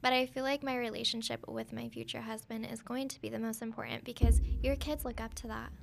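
Young woman with a gravelly, higher voice. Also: little pitch movement, a little fast, a little hiss or hum. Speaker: podcast co-host. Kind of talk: casual podcast chat.

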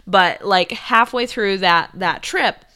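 A young woman vlogger telling a story to her viewers in a chatty, animated way, laughing often and saying "like" a lot. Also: medium pitch, slow pace. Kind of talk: casual storytelling to camera.

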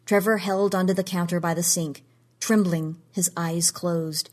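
A woman reads a piece of fiction aloud in an even, measured way. Her voice is low and husky. She moves steadily through the narration. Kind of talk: scripted story narration.

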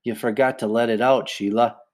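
A man's voice: medium pitch, steady tone, a little fast, natural voice. A man voicing a patient teenage boy who teaches swimming, with a coaxing, encouraging manner.

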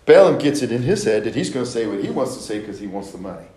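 A man's voice: medium pitch, big pitch swings, fast talker, dark tone, roomy sound, low-quality recording. A man teaching a Bible study, retelling scripture stories casually and acting out the characters with playful asides.

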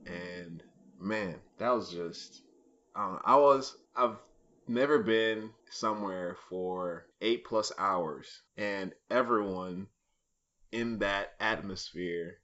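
A male podcast co-host tells a rambling story in casual chat, with lots of ums and uhs. His lowish voice is bright and forceful, captured in a muffled, lo-fi podcast recording.

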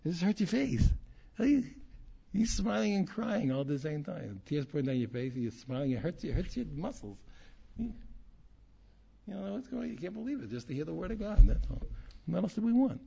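A man, a rabbi, teaching a Torah class in an animated way, repeating phrases and restarting often. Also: high-pitched, normal speed, creaky, breathy edge. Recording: dull lo-fi recording.

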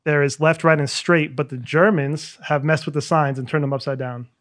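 A man's voice: fairly high pitch, steady tone, moderate pace, fairly bright tone. A man co-hosting a casual chat, joking and telling a playful story. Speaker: podcast co-host.

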